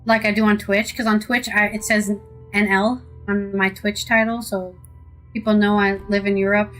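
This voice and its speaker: A woman's voice: medium pitch, flat delivery, normal speed, a bit bright, soft background music, low-quality recording. An American woman streaming a game, chatting casually and rambling with sarcastic asides. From United States. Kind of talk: casual live-stream chat while playing.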